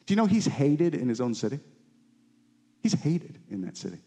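A man preaching a sermon with fervent emphasis, climbing high on key lines and dropping low and quiet on others. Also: very animated, moderate pace. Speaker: pastor.

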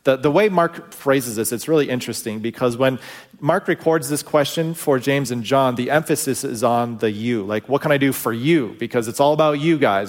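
A man giving a sermon as pastor, telling a story in a conversational way and letting phrases trail off softly at their ends. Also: mid-range voice, normal speed. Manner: storytelling with acted-out quotes, conversational asides.

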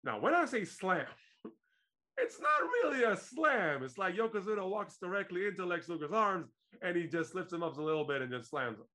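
A man from Israel co-hosts a casual wrestling podcast, with a fairly high voice. He tells the story with animated energy and laughs easily. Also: normal speed. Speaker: podcast co-host. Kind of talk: casual wrestling review chat.

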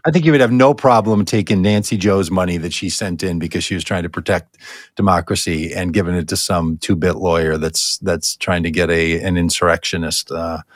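A man's voice: low-pitched, fairly even intonation, a little fast, no echo. Male co-host, sarcastic ranter, dry close sound. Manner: sarcastic, ranting. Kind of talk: political commentary chat.

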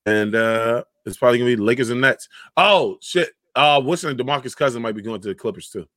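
A man chatting casually on a panel over a video call, animated and slangy, often restarting his sentences. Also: medium pitch, fast, dry recording. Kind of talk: casual podcast chat.

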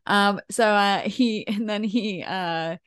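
A woman's voice: medium pitch, slow, a bit bright, clean tone. A woman co-hosting a podcast in casual chat, talking with frequent laughs and fillers. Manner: chatty, laughs often, many fillers. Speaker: podcast co-host.

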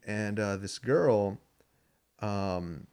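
A man's voice: lowish voice, very slow, a little mellow, clean tone. A man in his twenties telling a story in casual chat, laughing often and acting out quoted voices. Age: 20s.

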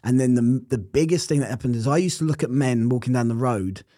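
A man's voice: mid-range voice, fast talker, warm tone, dry recording, studio quality. A man telling his personal testimony in an interview, earnest and reflective. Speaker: interview guest.

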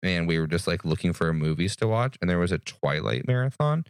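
A man co-hosting a casual podcast, telling stories with animated, excited bursts. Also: a little fast, vocal fry, smooth, no room sound, clean studio sound. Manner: animated storyteller, jumps into high excited bursts. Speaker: podcast co-host. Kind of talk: casual chat.

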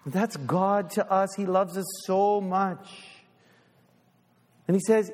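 Male pastor, high-pitched, animated preaching in a church with long reverb. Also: unhurried, long pauses. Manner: animated, acts out little voices, ends in quiet prayer. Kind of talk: sermon. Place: church sanctuary.

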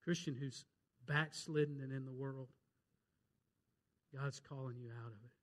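A pastor preaching a sermon with fervent energy, quoting scripture and telling jokes, his delivery swinging from loud urgent calls to hushed pleas. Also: medium pitch, fairly even intonation, a little slow. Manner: tells jokes and quotes scripture.

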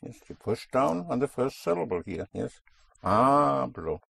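A man's voice: medium pitch, big pitch swings, moderate pace, creaky, breathy edge, dry recording. A man teaching a language class, patiently drilling words and correcting pronunciation.

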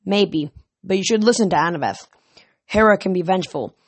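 A reader voicing a blunt, gruff teenage girl. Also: medium pitch, fairly quick, dry recording, lightly acted. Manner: blunt, growling. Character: gruff teen girl from a forge cabin.

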